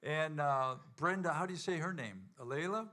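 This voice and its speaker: Rambling host, bright voice. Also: male voice, a little high, normal speed. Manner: rambling, jokey, many fillers. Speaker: show host and band member. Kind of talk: casual banter.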